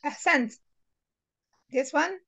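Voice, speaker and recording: A woman tutoring a beginner in reading, patiently repeating words slowly to model how they sound. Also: high voice, lively intonation, bright, forceful tone. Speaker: Arabic tutor. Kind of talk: one-on-one reading lesson.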